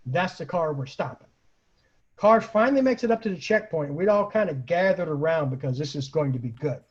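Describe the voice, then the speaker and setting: Lively husky man telling a story. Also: fairly high pitch, fast talker, muffled recording. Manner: lively, profane anecdote telling with acted quotes. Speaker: storyteller host. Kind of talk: casual storytelling. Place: at home on a video call.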